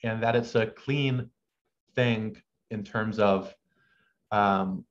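A man's voice: fairly low pitch, steady tone, takes it slowly. A young man, a medical student guest, speaking thoughtfully with a stutter and repeated sounds. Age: young adult. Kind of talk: conversational interview. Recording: muffled lo-fi call with faint noise.

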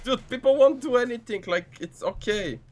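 A man's voice: very high-pitched, expressive, normal speed. A young man playing a game with a friend, pushily coaxing him on and laughing. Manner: pushy and coaxing, keeps urging and laughing. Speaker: guest co-player. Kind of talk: casual gaming banter.

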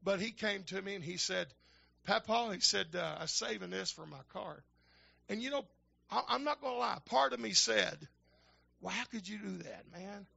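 An older man, a minister telling folksy stories in a sermon that build to shouting fervor. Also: high voice, normal speed, gravelly, lo-fi sound. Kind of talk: storytelling sermon.

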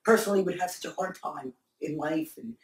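A middle-aged woman speaking candidly in an interview, halting and repeating herself as she answers. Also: deep voice. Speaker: interviewee, mother of the host. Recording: echoey room, mic far off.

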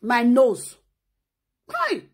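A woman's voice: fairly high pitch, huge pitch swings, very slow, darkish tone, slightly rough. A woman from Nigeria with a Nigerian Pidgin accent, ranting in a scolding, mocking vlog while she sews. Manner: talks while sewing. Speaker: vlogger.

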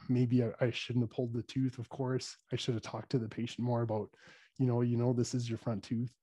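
A man's voice: medium pitch, mellow, slightly rough, dry recording. A man telling a story as a dentist guest on a podcast, earnest and talking with fillers and restarts. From Canada.

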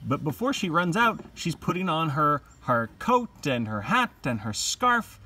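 A male teacher talks through a literature lesson in an animated way, acting out lines from the text as he goes. His voice sits a little high for a man and swings widely up and down in pitch. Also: a little slow. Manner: animated, acts out quotes.

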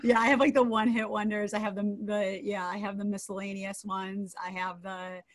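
A woman's voice: medium pitch, flat delivery, normal speed, dry recording. Chatty laughing woman DJ, dry sound. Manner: chatty, laughing often, rambling asides. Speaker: DJ co-host. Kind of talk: casual video chat.

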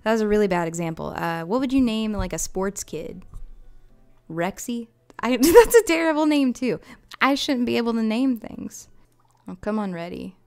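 A woman casually streaming a video game. She chats excitedly, coos at the pets on screen, and breaks into squeals and laughter. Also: mid-range voice, moderate pace, vocal fry, clean tone.

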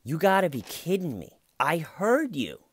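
A man's voice: a little high, huge pitch swings, measured pace, a bit bright, slightly rough, pitched above the performer's own voice, exaggerated voice. A man acting out a fed-up husband who speaks emphatically and in disbelief. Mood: exasperated. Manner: emphatic, incredulous. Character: exasperated husband, loud, fed up.

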